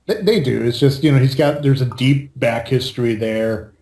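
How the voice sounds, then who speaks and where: A man's voice: mid-range voice, moderate pace, warm tone. A man co-hosting a podcast in casual chat, rambling and swearing freely. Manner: rambling, swears and laughs often. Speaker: podcast co-host. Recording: roomy echo.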